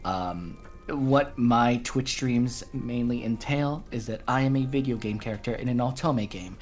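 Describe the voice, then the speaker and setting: A woman streamer introducing herself in a measured, polite way on a voice call. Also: rumbling low, a little mellow. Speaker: VTuber streamer, guest. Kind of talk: casual chat.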